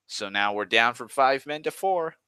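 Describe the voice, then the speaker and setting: An exasperated man rants his way through a work story, swearing constantly and restarting his sentences as he goes. His voice is bright and sharp. The recording is dry and close. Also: mid-range voice, lively intonation, normal speed, smooth, no room sound. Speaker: online storyteller. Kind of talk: profane rambling rant.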